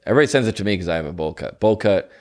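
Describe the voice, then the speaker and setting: A man's voice: low voice, expressive, very fast. A young man hosting a podcast, telling rambling stories in casual chat with lots of fillers and mock voices. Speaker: podcast host.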